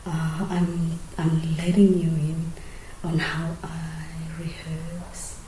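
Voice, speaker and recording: A woman explaining her singing technique in a soft, often half-whispered, hesitant way with many fillers. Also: deep voice, little pitch movement, slow pace, a little hiss or hum. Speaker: singing teacher. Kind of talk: casual singing tutorial. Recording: roomy echo.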